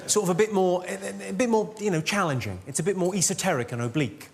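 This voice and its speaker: Deadpan high-voiced comic. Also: male voice, normal speed, creaky, noisy background. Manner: deadpan, crude one-liners, teasing the audience. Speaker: stand-up comedian. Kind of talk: stand-up routine. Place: live theatre stage before a laughing audience. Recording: loud audience laughter behind.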